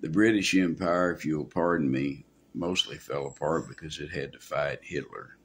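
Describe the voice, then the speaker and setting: A man's voice: extremely low pitch, moderate pace, fairly bright tone, a little hiss or hum. A male pastor preaching a sermon in a folksy, rambling way with asides.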